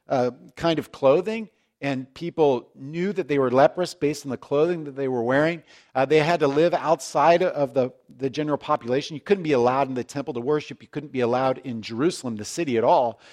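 A male pastor gives a casual, chatty sermon with a fairly high voice. He drifts into asides and jokes with the congregation, restarting sentences as he goes. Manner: conversational, self-deprecating, frequent restarts and asides.

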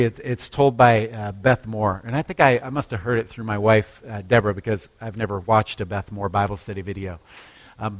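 A male pastor preaching a sermon, telling a story in a lively way with frequent restarts. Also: mid-range voice.

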